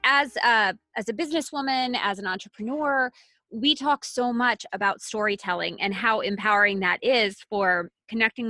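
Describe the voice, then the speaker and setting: A woman who is a businesswoman hosts the conversation, speaking with a bright, clear tone at a middle pitch. Her responses are reflective and encouraging. The recording is dry and close, with little room sound. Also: no room sound. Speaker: podcast host, businesswoman. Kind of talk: conversational interview.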